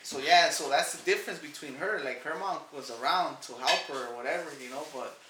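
A man's voice: on the high side, brisk, pushed and bright. A young adult man in casual podcast chat, talking loosely with a lot of "like" and "you know" and dropping in Spanish phrases. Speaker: podcast co-host. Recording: echoey room with faint noise.

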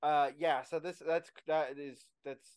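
A man's voice: a little high, fairly even intonation, measured pace, a little mellow, clean tone. A man co-hosting a podcast over a remote call, speaking hesitantly with many restarts and dry asides. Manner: hesitant, lots of ums and restarts, wry. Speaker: podcast co-host. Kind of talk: casual chat.

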